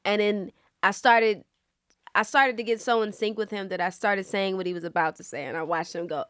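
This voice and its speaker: Lively dry-toned woman telling stories. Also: mid-range voice, brisk, clear, resonant tone, no echo. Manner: animated storyteller, many fillers, acts out quotes. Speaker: actress guest. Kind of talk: casual interview chat.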